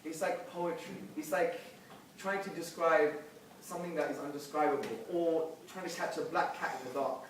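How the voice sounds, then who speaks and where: Man, fairly high voice, emphatic testimony, heavy hall echo, distant mic. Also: steady tone, normal speed, a little hiss or hum. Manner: emphatic storytelling, swings between hushed and loud bursts. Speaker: speaker telling his conversion story. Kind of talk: animated personal testimony to a live audience. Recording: echoey hall, picked up from a distance.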